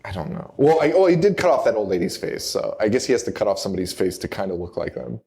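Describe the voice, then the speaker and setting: A man's voice: fairly low pitch, sing-song, fast talker, gravelly, dark tone. A man co-hosting a live horror movie podcast, recapping a film in a wry, rambling way and laughing through his jokes. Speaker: podcast co-host. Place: live show venue.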